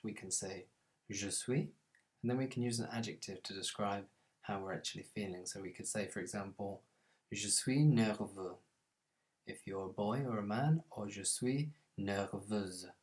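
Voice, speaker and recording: Guy teaching basic french, says the french bits slow n clear then explains. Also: fairly low pitch, fairly even intonation. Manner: slows down and stresses French phrases, then explains them plainly. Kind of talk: scripted language lesson.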